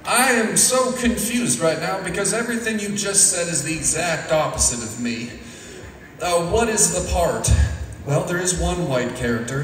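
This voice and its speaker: A young man doing a self-deprecating stand-up comedy set with a deadpan delivery on stage. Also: fairly high pitch, slight background noise. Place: stage in an echoey venue. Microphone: picked up from a distance. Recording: echoey hall from far off.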